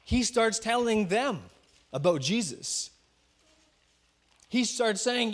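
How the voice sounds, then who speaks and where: A man, a pastor, retelling a story in a sermon with animated delivery, acting out the voices. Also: high voice, slow pace, long pauses.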